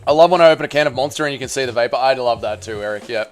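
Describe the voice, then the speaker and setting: A man's voice: medium pitch, very fast, soft background music. A man hosting a casual fight watch-party stream, reading chat messages and bantering crudely while eating. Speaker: livestream host.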